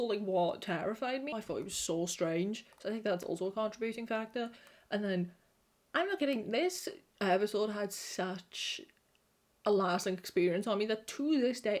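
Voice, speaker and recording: A young Welsh woman chatting to camera, animated, swearing and laughing often. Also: mid-range voice. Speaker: vlogger. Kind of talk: casual chat to camera.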